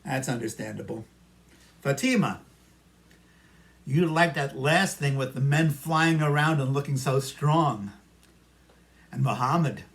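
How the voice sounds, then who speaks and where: A man with a New York accent teaching an English listening lesson, talking patiently to students and echoing their answers. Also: medium pitch. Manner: slow, patient, talks to imagined students and answers for them. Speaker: ESL teacher. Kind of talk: simulated classroom micro lesson.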